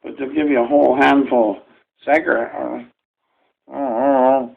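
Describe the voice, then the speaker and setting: Gravelly, slow-talking man vlogger, rambling and profane, folksy gripe delivery. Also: medium pitch, fairly even intonation, darkish tone, highs cut off. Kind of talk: ranting to-camera video.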